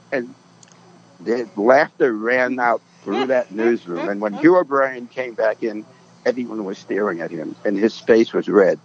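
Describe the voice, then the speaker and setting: A man's voice: lowish voice, unhurried, a little hiss or hum. An older man from Massachusetts telling anecdotes as a podcast guest, acting out the people in his stories. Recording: dull lo-fi sound.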